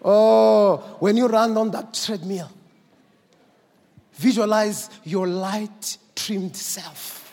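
Pastor, husky voice, unhurried sermon delivery that swells to shouts. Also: male voice, sits high. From South Africa. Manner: builds from quiet, slow teaching to shouted exhortation. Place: large church hall. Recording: long church hall reverb.

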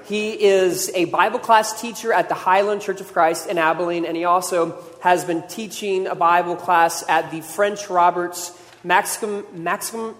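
A man's voice: high voice, fairly even intonation, moderate pace, fairly bright tone. Rambling, joking man preacher in a hall. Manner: joking, rambling, self-deprecating. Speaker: podcast host and preacher. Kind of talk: casual podcast intro and team sermon. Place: church stage.

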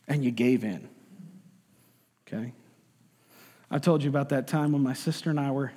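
A man's voice: a little high, big-room sound. A man preaching a sermon as a pastor, conversational and joking, acting out voices to make his points.

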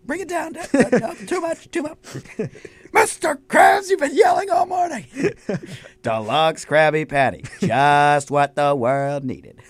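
A young man on a college radio show, putting on a squeaky, excitable cartoon character voice. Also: measured pace, no echo. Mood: giddy. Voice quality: shrill, squeaky. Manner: giddy, shouting bits. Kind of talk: sports radio banter bit.

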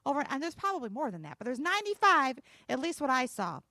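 A woman's voice: sits high, big pitch swings, fast talker, sharp tone, dry recording. A woman pastor preaching a sermon, telling a personal story in a folksy way and building to emphatic declarations.

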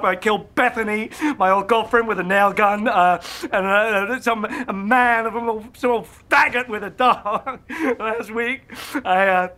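A man's voice: sits high, pushed and bright. An actor playing an unraveling young male killer confessing over the phone, rambling with nervous laughs and hesitations. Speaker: film character.

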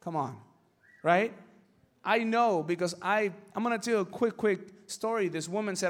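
Animated high-voiced male preacher. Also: moderate pace. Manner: animated storytelling with acted voices; emphatic, rising to shouts. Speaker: pastor. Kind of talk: sermon.

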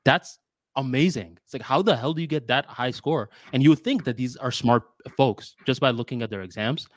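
A man's voice: mid-range voice, fairly quick, no room sound, studio quality. A man co-hosting a podcast, talking candidly in casual chat. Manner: candid, short interjections. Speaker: podcast co-host.

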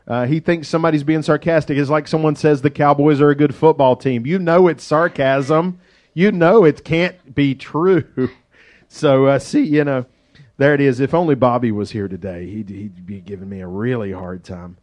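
A man's voice: medium pitch, normal speed, a little mellow. A middle-aged man preaching a sermon as pastor, conversational and joking, acting out the voices in the story he tells.

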